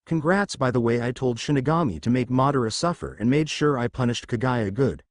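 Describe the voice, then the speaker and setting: A man voicing a gentle, motherly female sun goddess in a fan fiction reading. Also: medium pitch, a little fast, no echo, studio quality, natural voice. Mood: tender.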